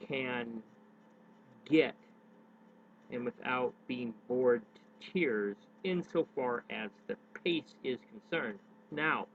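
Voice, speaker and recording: Slow talking guy rambling thru speaking tips, lots of uhs and restarts, tinny phone-ish audio. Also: mid-range voice. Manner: rambling, self-correcting, many hesitations. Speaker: daily vlogger. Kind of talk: unscripted talk on public speaking. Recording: tinny phone-like sound with faint noise.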